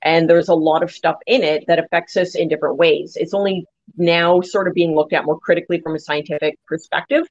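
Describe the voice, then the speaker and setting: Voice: medium pitch, fairly even intonation, fairly quick, dry recording, highs cut off. A podcast co-host in casual chat, explaining things at length.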